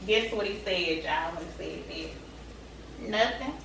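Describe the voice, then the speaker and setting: A woman vlogger telling a story straight to her viewers in a chatty, animated way. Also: lowish voice, unhurried, creaky, far from the mic, background noise. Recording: echoey room, away from the mic.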